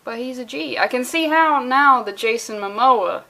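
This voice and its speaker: A woman's voice: fairly high pitch, moderate pace, bright, forceful tone. A woman casually reviewing a comic book, sarcastic and profane, acting out the characters' lines in passing.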